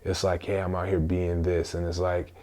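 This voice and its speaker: A man's voice: low-pitched, monotone, normal speed, darkish tone. A man from Florida, an actor guest, talking earnestly and reflectively in a casual interview.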